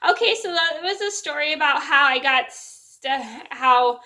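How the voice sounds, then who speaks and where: A woman's voice: high voice, expressive, a little slow, bright, forceful tone. A young woman casually telling a personal story to camera, rambling and restarting her sentences. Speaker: vlogger.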